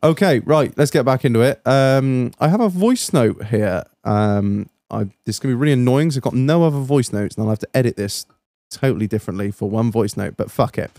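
An upbeat man co-hosting a podcast, chatting casually and swearing his way through a product tasting. His voice sits at a middle pitch. The room sound is dry and close. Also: fairly quick, warm tone, dry recording. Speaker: podcast co-host. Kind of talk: casual chat.

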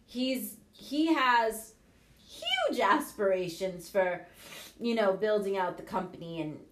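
A woman's voice: medium pitch, slow pace, slight background noise. Frank middle-aged woman coach, echoey room. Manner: frank, lively, swears casually. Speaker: business coach and show host. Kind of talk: casual motivational talk.

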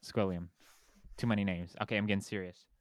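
A young man hosting a laid-back podcast who rambles through his points with lots of "like". His lowish voice is smooth and resonant. The sound is dry and close to the mic. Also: fairly even intonation, fast, no echo. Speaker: podcast host. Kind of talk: casual chat.

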